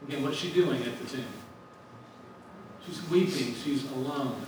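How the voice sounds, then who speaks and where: A man's voice: medium pitch, measured pace, very echoey, recorded from a distance, noisy background. A man giving a sermon in a conversational way, asking questions and answering them himself. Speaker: speaker at a ministry gathering.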